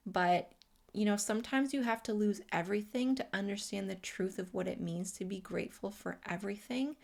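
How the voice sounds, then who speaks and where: An earnest woman hosts a spiritual self-help talk in a middle-pitched voice. She talks in a heartfelt way and leans on "you know" fillers while she gathers her thoughts. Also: creaky, a little mellow. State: emotional, near tears. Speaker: host.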